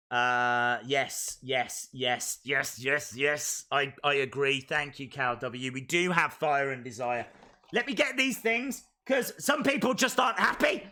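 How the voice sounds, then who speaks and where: Excitable man streaming reactions. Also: sits high, unhurried. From England. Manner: excitable, bursts into shouting. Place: outdoors in a field.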